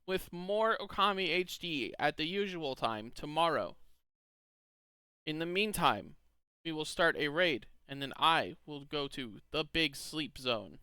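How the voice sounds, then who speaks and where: A man's voice: a little high, bright, forceful tone, clean tone, dry recording. A male streamer chatting casually and playfully with his live chat. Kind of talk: casual livestream commentary.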